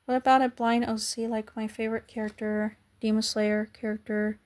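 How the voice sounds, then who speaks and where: Young woman streamer, casual chatty host, a touch high-pitched, voice that cracks. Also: level tone, normal speed, hardly any pauses, a little mellow. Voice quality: voice cracks now and then. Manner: chatty, thanks viewers by name, coos at her cat. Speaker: livestream host. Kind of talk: casual livestream chat.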